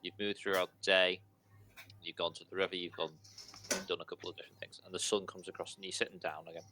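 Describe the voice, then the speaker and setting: A man narrating a tabletop game as dungeon master, in a relaxed, chatty way. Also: low-pitched, quick pace, a little hiss or hum.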